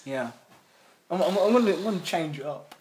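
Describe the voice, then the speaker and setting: A man's voice: on the high side, expressive, brisk, darkish tone, roomy sound, slight background noise. A young man co-hosting a casual podcast, joking around and restarting his sentences. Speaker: podcast co-host. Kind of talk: casual chat.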